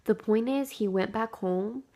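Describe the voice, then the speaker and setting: A woman's voice: fairly high pitch, measured pace, warm tone. A young woman telling a childhood story to her camera in a casual, chatty way, full of "like" and "dude". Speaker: vlogger.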